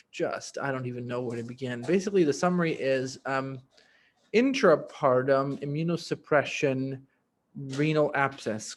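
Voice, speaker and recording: A young man co-hosting a medical teaching session over a video call, animated and jokey, slipping into exaggerated voices to make his point. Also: medium pitch. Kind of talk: playful medical teaching on a livestream.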